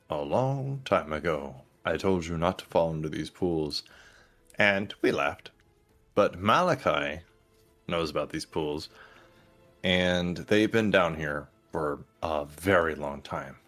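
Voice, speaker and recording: Slow, deep-voiced male game master. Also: fairly bright tone. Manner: dramatic measured narration. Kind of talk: narrating a tabletop game.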